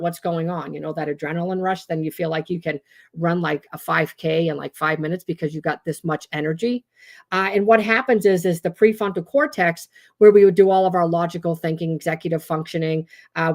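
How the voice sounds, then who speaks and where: A woman hosting a casual livestream as a trauma-informed educator, talking in a chatty way with many fillers and often acting out quotes in different voices. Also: medium pitch. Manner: animated, acts out quotes in voices.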